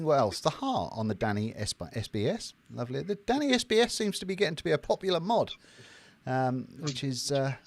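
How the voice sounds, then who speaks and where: Chatty British man reading live chat. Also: on the high side. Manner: jokey, chatty, reads viewer comments aloud with fillers. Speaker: livestream co-host reading chat.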